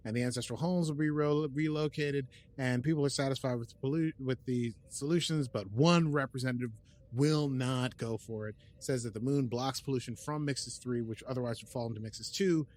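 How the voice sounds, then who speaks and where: A man's voice: mid-range voice, a little mellow. Rambling man recapping a show. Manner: rambling, with frequent fillers and restarts; plays out characters' lines in quick quoted asides. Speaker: podcast host. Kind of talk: casual episode recap.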